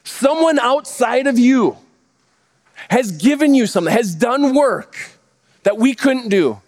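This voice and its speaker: A pastor in his thirties delivers a sermon in a fairly high voice. He keeps posing rhetorical questions and answering them himself, with plenty of energy. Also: expressive, a little slow, a little mellow.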